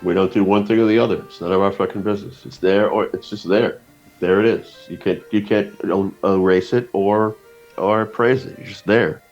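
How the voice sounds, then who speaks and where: A man in a casual podcast conversation, a profane, rambling storyteller who throws in lively quoted voices. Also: lowish voice, moderate pace, faint music behind. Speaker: guest cartoonist. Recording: dull lo-fi podcast audio.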